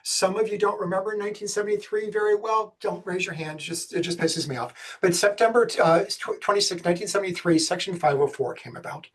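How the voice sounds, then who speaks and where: A man from the States, giving a webinar presentation on special education law in a fast, energetic way with jokey asides. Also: sits high. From Southern United States.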